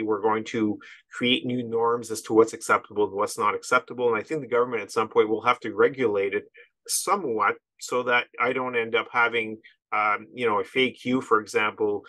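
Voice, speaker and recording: A man's voice: lowish voice, pushed and bright, dry recording, rough recording. A middle-aged man from Canada, a podcast guest talking casually in a rambling way with many asides.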